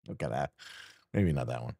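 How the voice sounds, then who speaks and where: A man's voice: very deep voice, gravelly, mellow, dry recording, clean studio sound. A man streamer chatting casually and teasingly with his chat while playing a game, rambling and joking.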